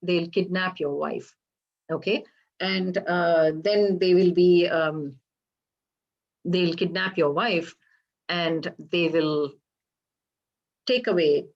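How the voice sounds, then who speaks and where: Woman with a low voice telling a legend. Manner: halting, explanatory, pauses to ask listeners. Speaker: storyteller for a temple program. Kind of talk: retelling a Hindu legend. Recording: slightly dull lo-fi recording.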